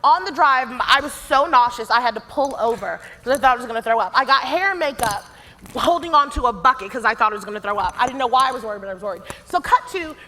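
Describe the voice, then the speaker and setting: A woman on a live panel telling an animated, self-deprecating story. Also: fairly high pitch, fast, a little hiss or hum. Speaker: panel guest, actress. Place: stage before a live audience.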